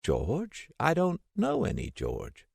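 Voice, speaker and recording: A man voicing a frail, confused elderly woman, a former vice president, soft and weak-voiced, drifting in and out. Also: fairly high pitch, huge pitch swings, slow pace, creaky, husky, dry recording, studio quality, voice pushed up, exaggerated voice. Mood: vague, wandering. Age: older. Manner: vague and drifting, briefly imperious. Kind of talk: audiobook character voice.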